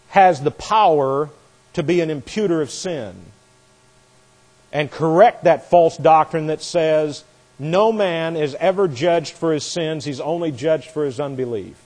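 A man teaching a Bible class as a sermon, forceful and scornful of doctrine he calls false. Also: a little high, big-room sound.

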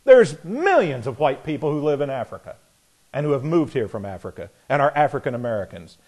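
A man preaching a sermon in a folksy, sarcastic way, acting out imagined voices in quotes and getting louder on his punchlines. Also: medium pitch, big pitch swings, brisk, husky.

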